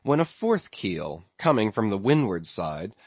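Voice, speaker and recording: Man, unhurried audiobook narrator, lively pitch, dry and slightly dull lo-fi recording. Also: slightly rough, no echo. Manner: measured, expressive storytelling.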